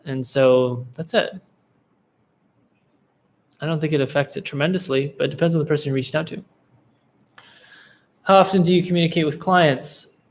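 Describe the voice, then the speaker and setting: Casual young male host for a live Q&A, relaxed, filler-heavy, slightly high voice. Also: normal speed, long pauses. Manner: laid-back, relaxed, with many fillers and restarts. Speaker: livestream Q&A host, agency coach.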